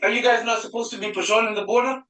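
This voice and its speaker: Confrontational man questioning officers, bright voice. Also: sits high, fairly even intonation, rapid-fire, reverberant, poor audio. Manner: confrontational, questioning, sometimes shouting. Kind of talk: heated street confrontation.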